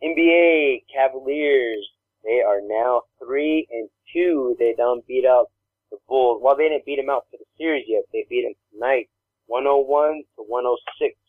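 Male co-host, rambling storyteller, mid pitch, dry narrow phone-quality audio. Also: moderate pace, dry recording. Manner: rambling storyteller, acts out voices. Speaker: podcast co-host. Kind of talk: casual chat.

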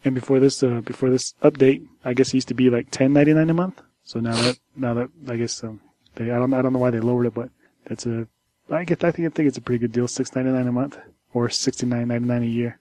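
A man co-hosting a casual tech podcast, rambling and halting with many restarts as he chats about the news. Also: mid-range voice, steady tone, mellow. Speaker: podcast co-host.

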